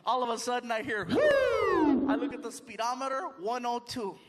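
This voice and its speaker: A man telling a long story on stage in animated stand-up style. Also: very high-pitched, fast talker. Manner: animated, laughing at his own story. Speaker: stand-up comedian. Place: stage before a live audience. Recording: noisy live show recording.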